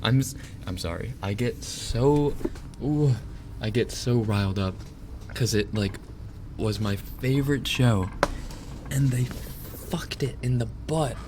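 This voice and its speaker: A man's voice: medium pitch, slow, background noise. A man streaming live, ranting casually and with exasperation, swearing and laughing as he goes. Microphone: binaural dummy-head mic.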